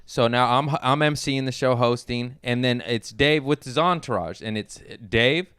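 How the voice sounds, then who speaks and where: A man hosting a podcast in casual chat, relaxed, laughing easily and swearing casually. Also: medium pitch, normal speed, clean tone, dry recording, studio quality. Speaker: podcast host.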